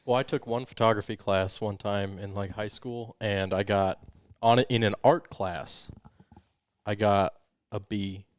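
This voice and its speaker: Wry male co-host, lowish voice, dry deadpan delivery, close dry sound. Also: unhurried, dry recording. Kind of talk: casual chat.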